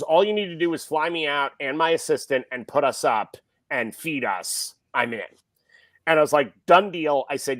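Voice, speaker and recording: A man's voice: medium pitch, dry recording. A middle-aged man, a film director and podcast guest, telling a story and acting out the people he quotes. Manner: animated, acts out quoted people. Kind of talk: casual storytelling.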